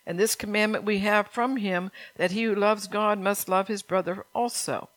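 A woman's voice: mid-range voice, fairly even intonation, normal speed, a bit bright, no room sound, low-quality recording. A woman preaching a sermon in a folksy, earnest way, often laughing between points.

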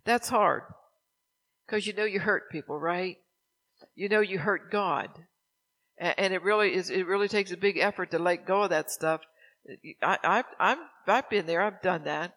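An older man delivers a sermon in a high, gravelly voice. He keeps it conversational and full of everyday stories. He turns to the congregation with questions as he goes. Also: moderate pace, sharp tone. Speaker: preacher.

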